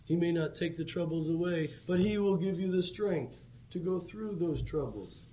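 A man's voice: on the high side, normal speed, mellow. A man preaching an evangelistic sermon, with earnest, pleading appeals. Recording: dull lo-fi recording with faint background hum.

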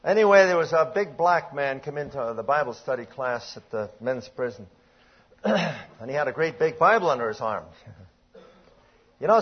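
Older male preacher, hushed to emphatic. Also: fairly high pitch. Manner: reads old-style scripture aloud, swings between hushed and emphatic; frequent throat clearing. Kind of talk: sermon. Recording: dull lo-fi recording.

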